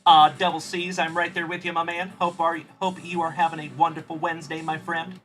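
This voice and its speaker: Fairly quick and fairly high-pitched, the man's voice has a fairly bright tone and fairly even intonation, with faint music behind. He's hosting a card-opening livestream, friendly and upbeat, shouting out viewers by name.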